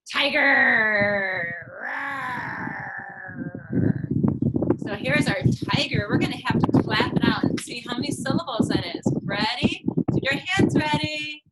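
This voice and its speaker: A woman's voice: fairly high pitch, creaky, noisy background. A woman speech therapist teaching preschoolers in a sing-song way, stretching words out and making playful animal sounds. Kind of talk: slow, sing-song teaching to young children.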